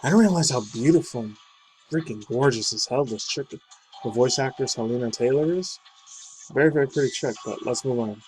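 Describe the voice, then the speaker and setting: A man's voice: medium pitch, fairly quick, darkish tone, low-quality recording. A man casually reading out a gaming news article, breaking off into rambling, slangy asides. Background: faint game music.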